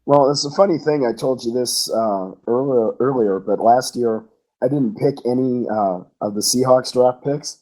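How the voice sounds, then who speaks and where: A man's voice: medium pitch, moderate pace, mellow, poor audio. A man co-hosting a fan podcast, earnestly breaking down player prospects with frequent fillers. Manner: earnest, analytical, with many fillers. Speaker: podcast co-host. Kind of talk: casual fan podcast chat.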